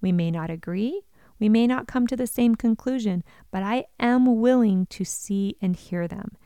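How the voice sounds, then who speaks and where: A woman's voice: medium pitch, moderate pace, dark tone, clear, resonant tone, dry recording. Earnest woman giving parenting advice. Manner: earnest, encouraging, speaks straight to the listener. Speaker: parenting educator.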